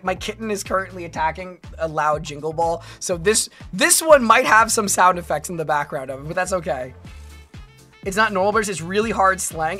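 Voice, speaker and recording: A woman's voice: mid-range voice, fairly bright tone. A woman streamer chatting casually, rambling and playful, with frequent stammering restarts. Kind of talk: casual livestream chat.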